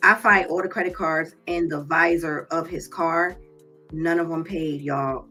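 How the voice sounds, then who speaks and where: A woman's voice: deep voice, fairly even intonation, unhurried, pushed and bright, faint music behind. A woman hosting a live stream, who tells her own story candidly and speaks straight to her viewers. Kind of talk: casual live-stream talk.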